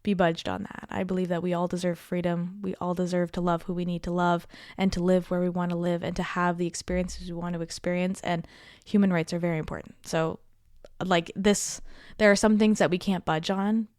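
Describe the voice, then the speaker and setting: A woman's voice: lowish voice, level tone, fairly quick, darkish tone, smooth, no room sound, clean studio sound. A woman in her thirties hosting a casual podcast as a coach, encouraging and chatty, often checking in with "okay?" and "right?". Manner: chatty with laughs and asides. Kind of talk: casual heartfelt podcast talk.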